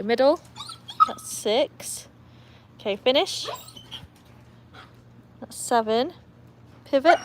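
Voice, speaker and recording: This livestream host sounds a little high-pitched, with a touch of hiss or hum behind her. She's English, has a trick dog, and chats casually and aimlessly while reading out what viewers write.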